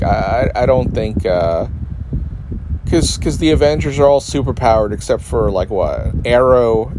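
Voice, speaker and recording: A man rants casually and sarcastically, stumbling over his words and cursing as he jumps between thoughts. His voice sits at an ordinary middle pitch. Clear background noise with passing vehicles runs under everything. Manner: sarcastic, rambling, mocking voices in quotes; frequent restarts and profanity. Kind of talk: casual rant.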